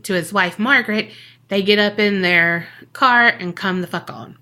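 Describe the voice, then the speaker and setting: With a mid-range voice at a measured pace, a woman co-hosting a podcast tells a casual story. She's animated, swears, and acts out the people she quotes in slang.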